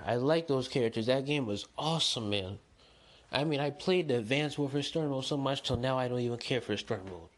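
A young man hosting a solo podcast, chatting in a rambling, excitable, slangy way. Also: medium pitch. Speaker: podcast host. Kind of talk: casual solo podcast chat.

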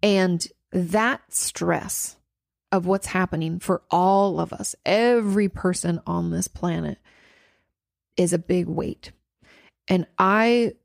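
A woman's voice: lowish voice, gravelly, no echo, clean studio sound. A woman therapist hosting a podcast, answering a listener's question in casual, rambling talk with emphatic repetitions and restarts.

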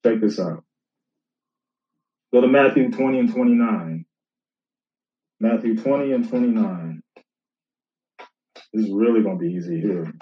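A man's voice: on the low side, unhurried, long pauses. Man, minister, conversational Bible rebuttal, repeats phrases, faraway mic, dull lo-fi tone. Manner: conversational, repeats himself, addresses an opponent directly. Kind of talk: casual Bible rebuttal, reading scripture aloud. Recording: roomy, distant, dull lo-fi sound.

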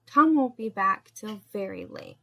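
A woman's voice: medium pitch, animated, measured pace, bright, forceful tone. A woman voicing a sarcastic woman who speaks with mock sweetness in a storybook reading. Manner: mocking, sugary.

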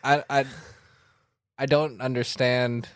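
A man chatting casually as a co-host, relaxed and joking with a loose tongue. His voice sits mid-range and sounds close and dry, with no room around it. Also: medium pitch, slow, smooth, no echo. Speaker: co-host reviewing tequila. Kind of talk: casual chat.

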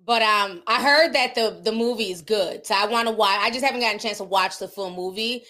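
A woman's voice: mid-range voice, brisk, bright, forceful tone. A woman with a Southern US accent hosts a casual celebrity gossip livestream, reading viewer comments and giving candid opinions. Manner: chatty, candid, laughs often, reacts to viewer comments. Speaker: livestream host reading chat.

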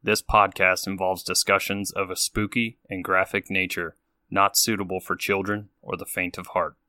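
A man's voice: deep voice, level tone, normal speed, sharp tone, no echo, clean studio sound. A man reading a scripted spooky content warning in an ominous, intoned delivery. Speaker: warning announcer.

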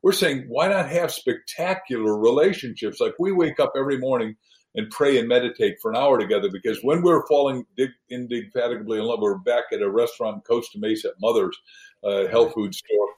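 A man's voice: medium pitch, brisk, reverberant, rough recording. A man, a guest author, telling stories in an interview and acting out the voices of the people he quotes. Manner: animated storyteller, acts out quoted voices. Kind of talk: storytelling interview talk.

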